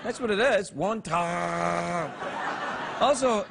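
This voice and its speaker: A man's voice: high voice, slow, gravelly, crowd noise, background noise. A man hosting a late-night talk show, joking and teasing as he reads viewer mail. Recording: live studio audience laughter.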